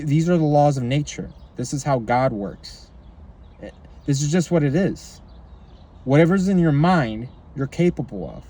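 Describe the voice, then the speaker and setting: A young man riffs excitedly to his audience, rambling with many filler words and casual swearing. His voice sits at an ordinary middle pitch, loose and unpolished, like a personal video diary. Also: a little hiss or hum. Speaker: vlogger and coach. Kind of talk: casual monologue to camera.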